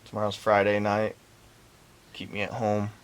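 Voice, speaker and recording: A man's voice: on the low side, completely flat delivery, smooth. A man casually commenting on his work while restoring a vintage camper, talking to himself as he goes, at times out of breath. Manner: unhurried, talks to himself while working. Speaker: DIY restoration vlogger. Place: inside a hot vintage camper.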